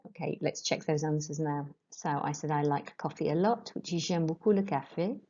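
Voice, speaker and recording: A woman French teacher giving a recorded lesson, dictating sentences slowly and clearly and repeating each prompt. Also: low-pitched, dark tone, muffled recording.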